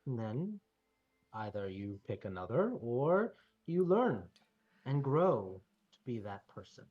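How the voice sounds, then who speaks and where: A man narrating as game master of a tabletop role-playing game, laughing often and slowing down for gentle in-character speeches. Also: mid-range voice, sing-song, phone-quality sound.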